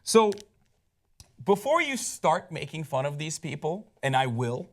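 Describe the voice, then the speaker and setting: An American man co-hosting a casual pop-culture chat show, animated and jokey as he riffs on a news story. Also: on the high side. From United States. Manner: animated, jokey, quick to riff. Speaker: co-host.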